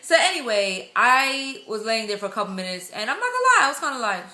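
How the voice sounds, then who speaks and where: A young woman chatting excitedly in a casual vlog, acting out the lines of the people she quotes. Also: fairly high pitch, a little fast, roomy sound. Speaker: vlogger. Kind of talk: casual pregnancy update vlog.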